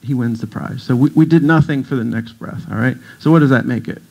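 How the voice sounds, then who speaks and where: A middle-aged breathwork teacher, there as a guest speaker, gives a brisk, casual talk to a church audience in a congregation hall. His mid-pitched voice is a little mellow with a gravelly edge, and he plays at storytelling by slipping into other people's voices for laughs. The sound is lo-fi.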